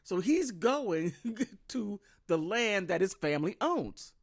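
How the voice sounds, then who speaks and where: A woman's voice: mid-range voice, very animated, slow pace. An American woman giving casual, sarcastic commentary, often laughing. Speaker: vlogger.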